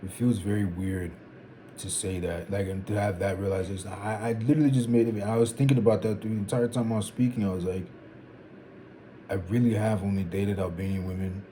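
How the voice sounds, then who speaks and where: Young zimbabwean guy vlogging, low mellow voice, rambly and repeats himself, faint hum behind. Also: fairly even intonation, a little fast. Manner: thinking aloud, meandering, repeats phrases. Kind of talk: reflective solo talk to camera.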